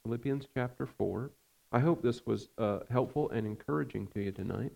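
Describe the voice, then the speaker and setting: A man preaching a sermon as pastor, earnest and measured, with frequent fillers. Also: medium pitch, creaky, warm tone.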